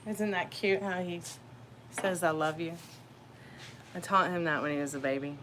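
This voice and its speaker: Low-voiced woman reading tarot live. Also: normal speed. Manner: chatty, friendly, calls viewers dear. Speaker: tarot reader. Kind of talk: casual live-stream chat. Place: at home. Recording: noisy home live stream.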